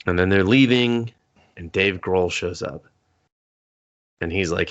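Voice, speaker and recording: A man co-hosting a casual movie review chat, often mimicking characters in high, exaggerated voices. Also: takes it slowly, pauses often, a bit bright. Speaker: co-host. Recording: dull lo-fi audio.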